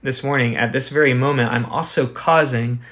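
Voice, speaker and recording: An earnest male pastor delivering a Sunday sermon in a church. His voice sits at an ordinary middle pitch, and he drives his points home with rhetorical questions and slow, deliberate pauses. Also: steady tone, fairly bright tone.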